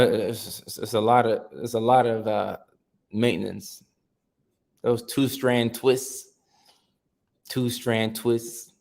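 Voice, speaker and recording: A man's voice: lowish voice, gravelly, darkish tone. A man in his thirties hosting a casual live stream, chatting loosely with viewers and reading their comments aloud with frequent restarts. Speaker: livestream host.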